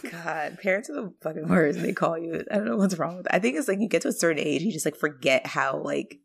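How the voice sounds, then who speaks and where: A woman co-hosting a podcast, chatting casually and telling stories in an animated, swearing way. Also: lowish voice, fast talker, creaky, slightly rough. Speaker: podcast co-host. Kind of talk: casual rewatch podcast chat.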